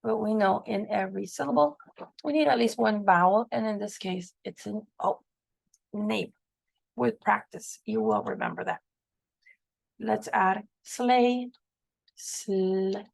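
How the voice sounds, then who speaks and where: A woman's voice: medium pitch, unhurried, vocal fry, pauses often, a little mellow, no echo, low-quality recording. A woman teaching a phonics lesson, patiently sounding out words and spelling them letter by letter.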